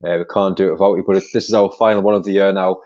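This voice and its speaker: Upbeat North East English host, quick and low, dark tone, muffled recording. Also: male voice, flat delivery. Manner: upbeat, chatty sign-off. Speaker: channel host, interviewer. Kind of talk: casual interview chat. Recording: dull lo-fi audio.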